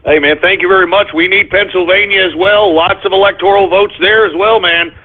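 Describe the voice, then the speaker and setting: A man's voice: high voice, steady tone, fairly quick. A man hosting a call-in radio show, ranting in a profane, irritated, blustering way. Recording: phone-like narrow audio.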